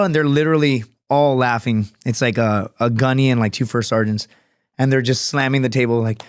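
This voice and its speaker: A man swapping stories on a podcast, rambling from one tangent to the next and swearing freely as he goes. He puts on other people's voices for his story, and his voice sits at an ordinary pitch on a dry, close mic. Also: brisk, clean tone, no echo. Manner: profane, rambling, animated storyteller. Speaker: podcast guest, Marine veteran. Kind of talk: casual storytelling chat.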